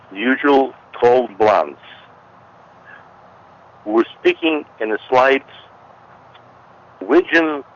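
A man's voice: mid-range voice, fairly bright tone. A man who is a guest on an interview show, explaining at length in an emphatic way and repeating warnings. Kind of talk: conversational explanation. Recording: dull lo-fi audio.

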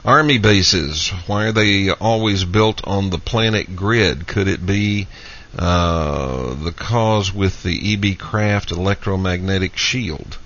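A man with a fairly low voice hosts a call-in radio program, moving steadily between callers and reading questions aloud. The sound is dull and lo-fi, like an old radio broadcast. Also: slow. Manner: steady, takes calls and reads listener questions. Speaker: radio call-in show host.

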